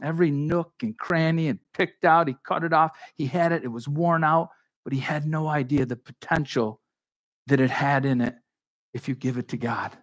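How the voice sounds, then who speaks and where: A man preaching a sermon in a conversational, animated way, acting out the dialogue of Bible figures. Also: on the high side, normal speed. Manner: conversational with frequent restarts and asides. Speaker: pastor.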